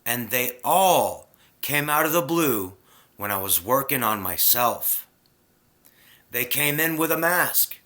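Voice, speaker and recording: A man's voice: mid-range voice, animated, slow, bright, forceful tone. Man ranting, heated and preachy. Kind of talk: casual spiritual rant to camera.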